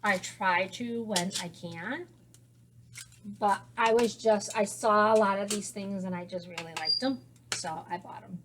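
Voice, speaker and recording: A woman's voice: mid-range voice, a little slow, background noise. Chatty woman rambling through a show-and-tell. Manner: rambling, chatty, many fillers and restarts. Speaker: knitting podcast host; teacher. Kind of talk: casual show-and-tell chat.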